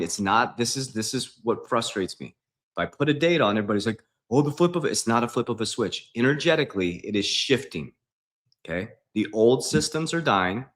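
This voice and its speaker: A man's voice: mid-range voice, a bit bright. A man as a financial coach on a livestream, emphatic and preachy, repeating his points. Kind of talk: livestream talk.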